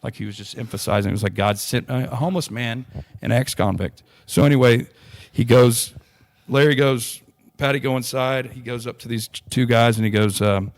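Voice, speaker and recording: A man's voice: medium pitch, flat delivery, fairly quick, no echo. A young adult man, earnestly telling a long personal story in a podcast interview, with frequent restarts. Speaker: interview guest.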